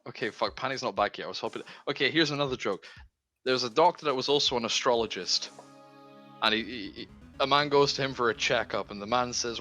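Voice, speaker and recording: A man's voice: medium pitch, fairly quick, bright, forceful tone, soft background music. A young man co-hosting a game stream, telling rambling jokes with stumbles and swearing in casual chat.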